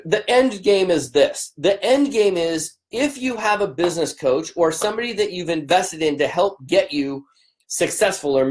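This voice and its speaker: A business coach, a man, chatting casually on a livestream, greeting viewers by name in an upbeat, rambling way, his voice strained and cracking from a long day of talking. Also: on the high side.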